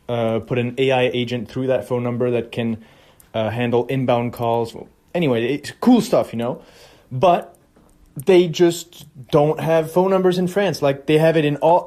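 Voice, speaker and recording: A young man talking casually in a vlog, excitable and rambling, swearing freely as he shares his work plans. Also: medium pitch. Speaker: vlogger.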